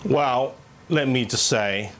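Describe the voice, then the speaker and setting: A man doing a comic impression of a male dictator who delivers boasts and threats deadpan. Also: medium pitch, takes it slowly, a little hiss or hum. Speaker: impersonator.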